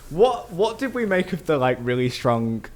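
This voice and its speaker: A man on a casual film podcast, recapping the plot in quick bursts with fillers. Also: a little high, very animated, darkish tone. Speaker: podcast host.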